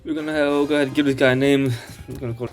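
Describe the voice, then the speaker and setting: A man's voice: medium pitch, little pitch movement, rapid-fire, soft background music. Male tutorial host, casual and rambling, checks in with "alright?" constantly. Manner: rambling, tags lines with "alright?". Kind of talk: casual screen-share tutorial.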